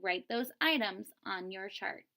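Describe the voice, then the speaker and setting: A woman's voice: mid-range voice, animated, measured pace, pushed and bright. A woman teacher reading a picture book aloud to children, expressively and stopping to explain word meanings. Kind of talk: read-aloud storybook lesson.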